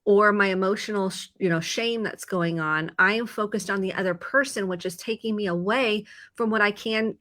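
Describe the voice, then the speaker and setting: A woman therapist with a Midwestern American accent, calmly explaining and acting out inner thoughts in a casual video chat. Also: medium pitch, moderate pace, few pauses. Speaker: therapist guest. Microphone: video call.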